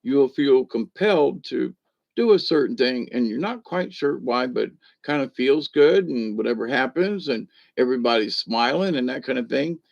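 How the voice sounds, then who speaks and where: A man's voice: medium pitch, gravelly. An older man, talking casually as a spiritual teacher, rambling and folksy with many asides. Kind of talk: casual spoken talk. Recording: dull lo-fi recording.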